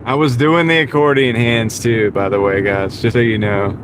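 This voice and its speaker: A young man who drives deliveries chatting casually with his livestream viewers while driving, relaxed and chuckling often. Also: medium pitch, moderate pace. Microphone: small wireless clip-on mic. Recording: road noise inside a moving car.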